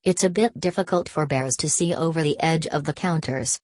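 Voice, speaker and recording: Woman doing a polite small bear, earnest and puzzled, low voice, storybook. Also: normal speed, a little mellow, dry recording, studio quality. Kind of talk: storybook reading.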